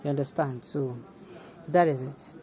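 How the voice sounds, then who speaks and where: A woman's voice: rumbling low, fairly even intonation, a little slow, warm tone. A woman with a Nigerian accent hosting opinionated news commentary in an emphatic, conversational way, full of asides and restarts. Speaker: commentary host.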